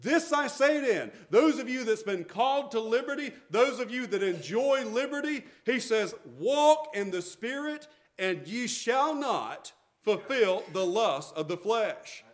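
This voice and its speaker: High-voiced emphatic preaching man. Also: expressive, a little slow, hardly any pauses. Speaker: pastor. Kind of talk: sermon.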